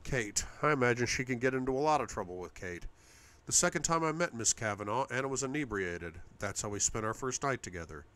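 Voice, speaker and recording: A man narrating a first-person novel aloud, steady, going low and quiet in intimate passages. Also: brisk. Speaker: audiobook reader.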